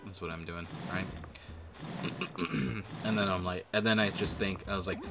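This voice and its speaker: Low-voiced man rambling over music. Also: fairly even intonation, normal speed, creaky. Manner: rambling, heavy swearing, many fillers. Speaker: gaming video creator. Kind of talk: casual gameplay commentary. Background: background music.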